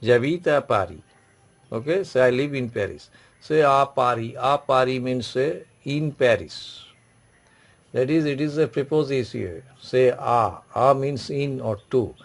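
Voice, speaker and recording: A man's voice: mid-range voice, a little slow, gravelly. A man teaching French pronunciation in a classroom lesson, repeating words and checking with "okay". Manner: repetitive, instructive, frequent "okay" and "say".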